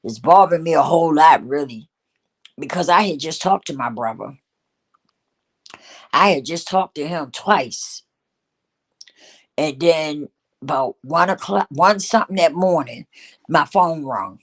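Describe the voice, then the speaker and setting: A woman's voice: deep voice, animated, measured pace, long pauses. A middle-aged woman hosting her own show, telling a personal story in an emotional, repetitive way and speaking straight to her listeners. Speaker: host.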